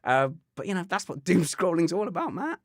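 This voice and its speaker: A man's voice: high voice, big pitch swings, a little fast, dry recording, clean studio sound. A man co-hosting a podcast, telling a rambling, wry anecdote in casual chat and often breaking off to restart his sentences. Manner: rambling, self-interrupting, wry. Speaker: podcast co-host.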